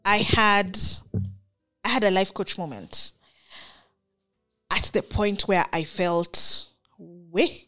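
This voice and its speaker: A woman's voice: medium pitch, slow pace, pauses often, fairly bright tone, smooth, soft background music. A young woman with a Kenyan accent giving an earnest, emphatic, faith-filled personal monologue as a vlogger.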